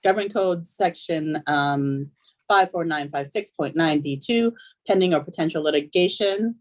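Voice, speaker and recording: A woman's voice: low-pitched, normal speed. A woman presiding as school board president, reading procedural items with frequent ums. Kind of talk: chairing a public meeting.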